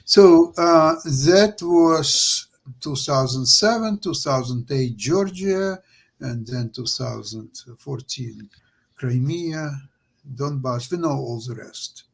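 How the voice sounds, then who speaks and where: A man hosting a radio panel discussion, explaining in a halting, digressive way. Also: medium pitch, expressive, creaky.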